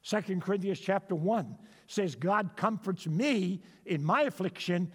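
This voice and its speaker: A man's voice: high-pitched, animated, measured pace, slightly rough, in a large hall. A man preaching a sermon, emphatic and repetitive, asking his listeners rhetorical questions.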